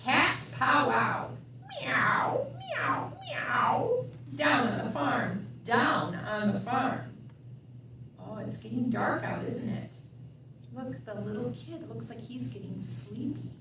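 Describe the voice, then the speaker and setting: Middle-aged woman, children's librarian at storytime; slow chanting read-aloud, recorded off mic in a roomy space. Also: on the high side, sharp tone, far from the mic, slight background noise. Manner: sing-song, animal sounds, asks children questions. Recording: echoey room, voice from off mic.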